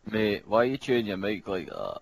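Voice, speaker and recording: A man's voice: on the low side, wildly swooping pitch, a little fast, gravelly, crowd noise. Teasing man on game chat. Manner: teasing, laid-back. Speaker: fellow gamer.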